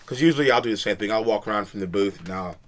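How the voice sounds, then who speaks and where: A man with a Southern US accent, a guest on a casual podcast, talking in a lively way with stumbling restarts. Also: on the low side, racing, a crowd in the background. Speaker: guest karaoke KJ. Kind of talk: casual chat.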